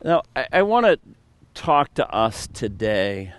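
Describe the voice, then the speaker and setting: A man's voice: medium pitch, big pitch swings, takes it slowly, clear, resonant tone. A male pastor preaching a sermon, reading scripture and then retelling it with playful storytelling asides.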